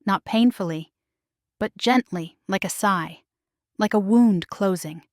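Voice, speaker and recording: A woman reading a first-person paranormal romance story aloud, hushed and emotional. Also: medium pitch, slow pace, dry recording, studio quality. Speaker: narrator.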